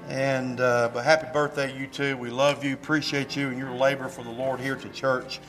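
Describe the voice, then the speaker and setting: A man, a pastor giving church announcements and telling a story in a folksy, animated way with emphatic rises, fighting a slight cough. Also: medium pitch, fairly quick, hardly any pauses, over music. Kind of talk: church announcements and sermon talk. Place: church sanctuary.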